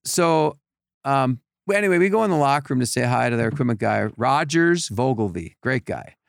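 A man telling animated stories in a casual chat, acting out other people's voices with lots of restarts. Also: medium pitch, brisk, vocal fry, dry recording, clean studio sound. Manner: animated storyteller, acts out voices, many restarts. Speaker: podcast guest telling stories.

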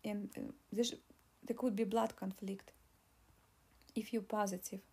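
A woman's voice: mid-range voice, little pitch movement, unhurried, warm tone, slightly rough. A woman voicing a pregnant young woman who pleads and argues in an audiobook reading. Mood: pleading. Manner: pleading, insistent.

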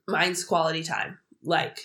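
A woman's voice: low voice, little pitch movement, unhurried, a bit bright, echoey room. A young woman co-hosting a podcast, chatting casually and thinking aloud with many fillers and easy laughs. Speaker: podcast co-host. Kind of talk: casual chat.

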